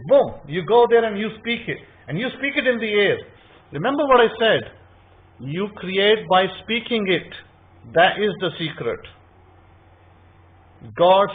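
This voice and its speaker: A man giving an informal scripture teaching, conversational and repetitive, acting out his listeners' thoughts. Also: sits high. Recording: tinny phone-like line.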